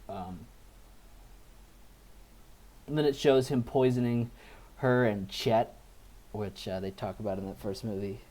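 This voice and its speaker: A man's voice: on the low side, measured pace, long pauses, dark tone. A man co-hosting a podcast, casually retelling a movie plot with lots of fillers. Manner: rambling, filler-heavy retelling. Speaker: podcast co-host. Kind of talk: casual movie review chat.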